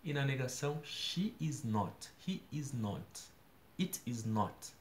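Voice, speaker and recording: A native Portuguese speaker from São Paulo with a Brazilian accent earnestly practices English in his daily vlog, slowly explaining grammar with examples. His mid-range voice is expressive, and the room echoes with slight background noise.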